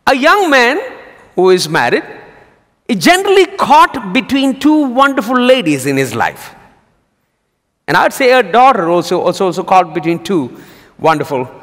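Male pastor, high and animated, sermon in a church with long reverb. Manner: lively storytelling preacher. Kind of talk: sermon with jokes.

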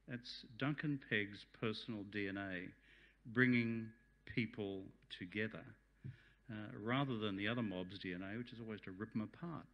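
Man, Australian accent, sixties, speech at a function hall, chatty, jokey. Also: lowish voice. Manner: chatty, jokey, warm-hearted. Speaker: guest speaker. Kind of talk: speech at a community event.

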